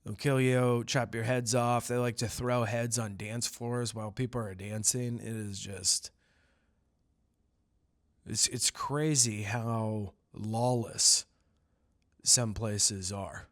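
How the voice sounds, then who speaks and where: A man hosting a casual solo podcast, rambling through news with crude jokes, swinging between loud outbursts and mutters. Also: medium pitch, fairly even intonation, takes it slowly. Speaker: podcast host.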